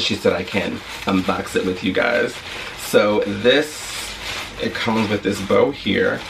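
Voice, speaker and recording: A man's voice: fairly low pitch, creaky, far from the mic, background noise. A man talking through a shopping haul in a casual vlog, gushing and rambling with enthusiasm. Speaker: vlogger.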